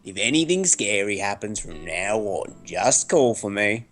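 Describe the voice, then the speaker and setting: A man voicing a gentle, protective young man who speaks softly and reassuringly in a game dub. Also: on the low side, very animated, measured pace, soft background music, pitched below the performer's own voice.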